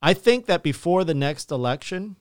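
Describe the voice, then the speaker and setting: A man's voice: a little high, expressive, moderate pace, clear, resonant tone, dry recording, studio quality. A man in casual political chat, blunt and profane, venting his opinions.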